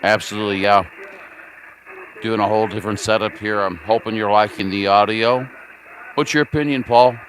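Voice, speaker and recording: A man's voice: on the low side, steady tone, moderate pace, long pauses, a bit bright. A man hosting a casual livestream while running a radio station, chatting in a folksy way and asking viewers for feedback. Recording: noisy room with radio static.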